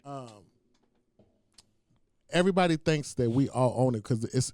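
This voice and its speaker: A man who is a comedian and teacher, chatting as a podcast guest in an expressive, reflective way. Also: mid-range voice, a little slow, no room sound, studio quality. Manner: expressive, reflective, lots of "like" and restarts. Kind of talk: casual interview chat.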